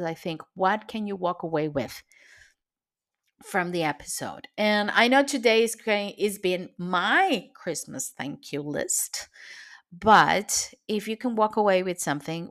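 A Venezuelan woman talks alone into her podcast mic as a coach. Her voice sits at a middle pitch, and her heartfelt delivery is full of fillers and restarts. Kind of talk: solo podcast monologue.

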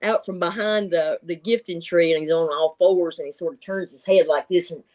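A woman's voice: fairly low pitch, normal speed, a little mellow. A middle-aged woman, telling stories in casual chat, laughing often and acting out voices. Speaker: guest telling encounter stories.

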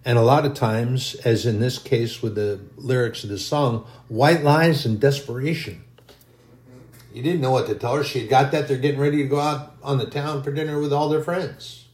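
A man's voice: mid-range voice, fairly even intonation, moderate pace, darkish tone. Folksy rambling male preacher, roomy sound. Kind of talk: storytelling sermon.

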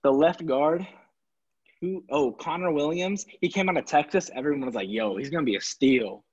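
A man ranting casually and sarcastically about his football team, exasperated and animated. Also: a little high, moderate pace, husky. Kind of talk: casual sports rant. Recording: dull lo-fi recording.

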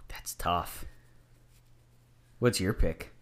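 A man's voice: very slow, whispered. A man in casual podcast chat, easygoing and a bit hesitant.

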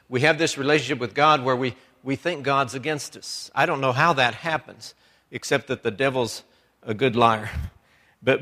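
A man's voice: medium pitch, fairly bright tone. A man preaching a sermon with fervor, restarting phrases and breaking into exclamations. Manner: fervent, with repeated restarts and exclamations.

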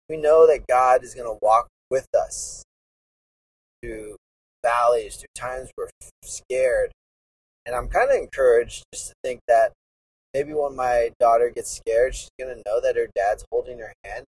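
A man's voice: mid-range voice, husky, far from the mic, rough recording. A man in his thirties hosting a podcast, talking earnestly and rambling in a casual, reflective monologue. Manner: earnest, rambling, with many restarts. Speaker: podcast host.

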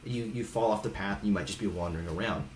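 Talking fast in a lowish voice, this thirty-something from Hawaii shares candid stories as a seasoned podcast guest. His manner is casual and frank, peppered with swearing and imitations of the people he quotes. The echoey room carries a little hiss or hum.

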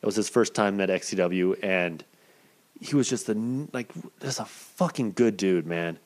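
A man in his thirties telling a story casually, swearing a lot and jumping up and down in pitch. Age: 30s. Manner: profane, animated, quick swings in pitch. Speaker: wrestling cameraman telling a story.

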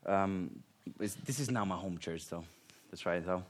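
A man's voice: deep voice, normal speed. A man from Finland with a Finnish accent, a guest preacher telling personal stories and laughing often. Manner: laughs often, animated and self-deprecating.

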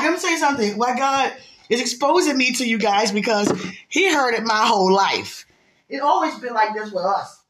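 A woman's voice: fairly high pitch, reverberant, noisy background. A woman talking casually and fondly to someone she loves, breaking into prayer and laughing often. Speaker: vlogger. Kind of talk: casual heartfelt talk to camera.

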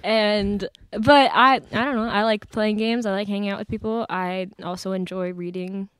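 A woman's voice: medium pitch, fairly even intonation, moderate pace, fairly bright tone, clean tone, dry recording. A woman in her late teens, a podcast guest, chatting casually with lots of fillers and laughs. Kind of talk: casual chat. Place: church studio.

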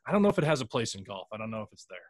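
A man's voice: lowish voice, big pitch swings, racing, dry recording, studio quality. Rambling man on a golf podcast. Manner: rambling, loose, with frequent restarts and mild swearing. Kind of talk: casual chat.

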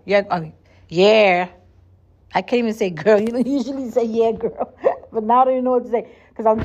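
A woman's voice: medium pitch, a little mellow, highs cut off. A woman hosting a solo podcast, talking in a chatty, earnest way and often restarting and repeating her words. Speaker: podcast host. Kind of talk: casual solo podcast monologue.

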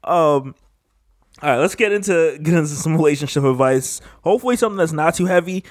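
A man's voice: fairly high pitch, lively intonation, fast talker, no echo, clean studio sound. A young man hosting a casual podcast, laid-back, laughing often and stumbling when he reads aloud. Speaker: podcast host.

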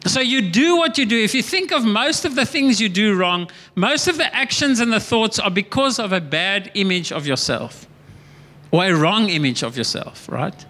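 A man's voice: high voice, lively intonation, normal speed, sharp tone. A man preaching a sermon as pastor, earnest and emphatic, often repeating and restarting words.

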